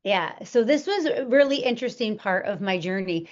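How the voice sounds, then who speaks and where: A woman's voice: medium pitch, animated, normal speed. A woman being interviewed, telling her personal story earnestly, with many fillers and restarts. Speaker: interview guest. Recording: dull lo-fi audio.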